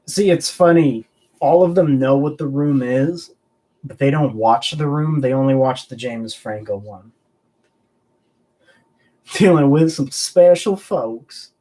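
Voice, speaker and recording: A man's voice: medium pitch, a little slow, mellow, low-quality recording. A young man from the American South, hosting a casual live stream and chatting loosely with viewers, rambling and swearing freely. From Southern United States. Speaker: collectibles channel host.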